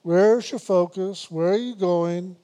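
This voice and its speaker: A man with a high, mellow voice gives a spiritual meditation talk. He speaks slowly and repeats himself on purpose. He teases his listeners gently and laughs now and then. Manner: unhurried, repetitive, gently teasing with laughs. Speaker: spiritual teacher.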